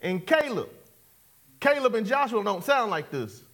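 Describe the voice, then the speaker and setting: A man preaches with a strikingly high voice, trading call and response with his listeners. He repeats his phrases, asks for an answer, and chuckles between points. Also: big pitch swings, a little slow, fairly bright tone. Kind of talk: sermon.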